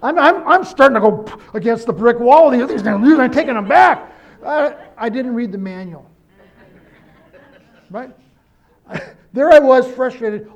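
A man preaching a sermon, quoting scripture and telling a story with lively emphasis and self-corrections. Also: sits high, dull audio. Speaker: pastor.

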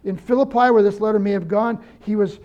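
A man's voice: high-pitched, steady tone, brisk, highs cut off. An older man preaching a conversational sermon, earnest and personal, telling stories to make his point. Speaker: pastor.

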